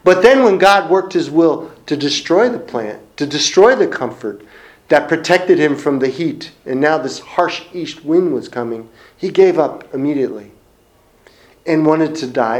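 Man, middle-aged, preaching, earnest, reflective, slightly high pitch. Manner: earnest, reflective, with pauses and repeated phrases. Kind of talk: sermon.

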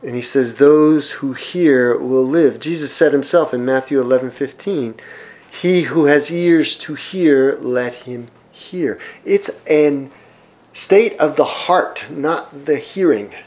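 A man preaching a sermon, reading scripture aloud and commenting on it, with emphatic swings between loud and soft. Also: mid-range voice, rough recording. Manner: slow, emphatic preaching with wide swings in loudness. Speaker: pastor.

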